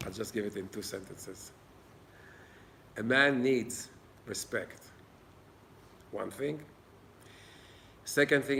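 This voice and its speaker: A man's voice: on the low side, a bit bright, a little hiss or hum. Earnest man teaching Torah. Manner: earnest, plain-spoken, acts out little dialogues. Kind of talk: informal Torah class. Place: old synagogue.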